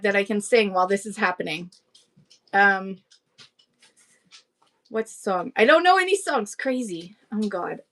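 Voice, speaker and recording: A woman's voice: on the high side, fairly bright tone. A woman from Canada hosting a casual live-stream auction, chatty and rambling, greeting viewers by name. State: out of breath.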